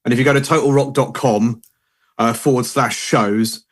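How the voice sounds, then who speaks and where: A man co-hosting a chatty podcast at a steady middle pitch. He stumbles, restarts his sentences and keeps apologising. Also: moderate pace. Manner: hesitant, apologetic, many restarts. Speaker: podcast co-host. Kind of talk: casual chat.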